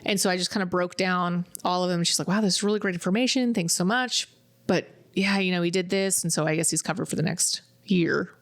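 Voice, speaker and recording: A woman's voice: on the low side, steady tone, brisk. A woman co-hosting a podcast, chatting casually and acting out what her clients said. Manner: chatty storyteller, acts out clients' quotes. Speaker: podcast co-host. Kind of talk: casual chat.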